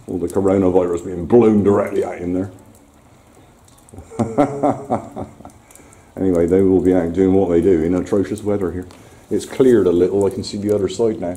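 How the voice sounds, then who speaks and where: It's a casual outdoor vlog from a rainy seafront, shot on a handheld camera with low-quality sound and faint background noise. The man behind it has a low, dark voice, chats freely with his dog, and mocks himself with a laugh.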